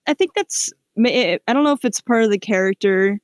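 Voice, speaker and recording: Midwestern podcast cohost, rambling casual chatter, mid pitch, dry close mic. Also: fairly quick, dry recording. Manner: rambling, many fillers and restarts. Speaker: let's-play podcast cohost. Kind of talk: casual chat.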